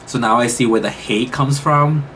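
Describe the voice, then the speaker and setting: A man's voice: mid-range voice, moderate pace, a bit bright, a little hiss or hum, rough recording. A young man reacting to a show episode, talking casually and emotionally with lots of exclamations and restarts. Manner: emotional, exclamatory, thinks aloud with many restarts. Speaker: reaction YouTuber.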